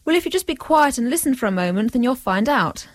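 A woman's voice: fairly high pitch, sing-song, fast, dry recording. A woman, narrating a comic story and bossing her characters around, sounding exasperated. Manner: bossy, exasperated.

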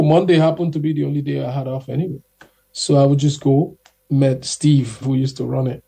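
A young man telling stories in a casual, animated way as a guest, acting out the people he quotes. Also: a little high, fairly quick, vocal fry, slightly rough. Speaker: guest singer. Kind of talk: casual storytelling.

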